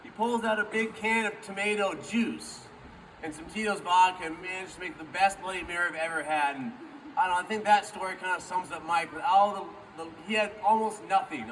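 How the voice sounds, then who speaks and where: A man speaking as a friend at a memorial, telling an informal story and acting out the quoted dialogue. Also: a little high. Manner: acts out quoted dialogue with lively shifts. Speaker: friend giving a memorial speech. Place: memorial gathering. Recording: distant mic with faint background noise.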